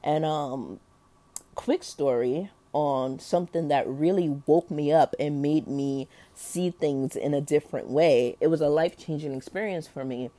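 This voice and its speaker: A woman's voice: deep voice, measured pace, warm tone. A young adult woman telling a personal story in a candid, slangy, rambling way, full of fillers and explicit language. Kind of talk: casual storytelling.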